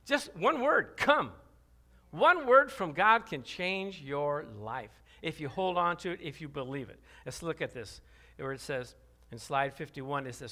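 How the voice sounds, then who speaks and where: Bright, high-voiced man preaching a sermon. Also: unhurried. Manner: animated, laughs often, calls out to the congregation; voice drops low for scripture and rises to loud cries. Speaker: pastor.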